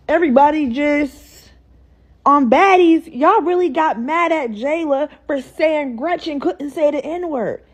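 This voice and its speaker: A woman asking incredulous questions in a social media commentary clip. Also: high-pitched.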